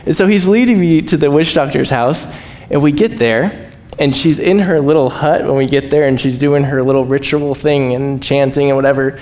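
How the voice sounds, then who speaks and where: A man preaching as a missionary, telling stories with lively acted-out voices and frequent laughs. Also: normal speed. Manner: animated, acts out quoted voices, laughs often. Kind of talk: storytelling sermon. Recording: echoey hall, faint rumble.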